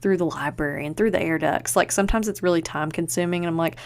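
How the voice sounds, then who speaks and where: A young woman hosting a podcast in a casual, chatty way, full of quick asides and acted-out quotes. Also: fairly low pitch. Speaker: podcast host. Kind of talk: casual chat.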